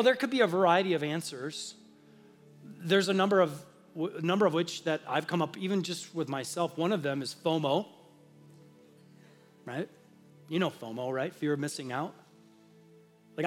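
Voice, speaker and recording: A man giving a conversational sermon, slowing down for emphasis at key phrases. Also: sits high, big-room sound. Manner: conversational, animated preaching with emphatic slow phrases. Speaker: pastor.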